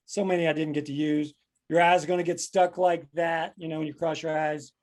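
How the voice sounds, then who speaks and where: A man hosting a loose, comedic podcast chat, playful and quick to act out remembered sayings. He grew up in Kentucky and talks with a somewhat high voice. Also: flat delivery, a little mellow. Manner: playful, jokey, acts out quotes. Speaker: podcast host.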